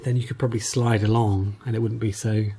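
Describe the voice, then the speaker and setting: A man's voice: lowish voice, level tone, fast talker, dark tone, slight background noise. A man co-hosting a podcast, chatting casually about retro games in a rambling, hesitant way with lots of fillers. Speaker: podcast co-host.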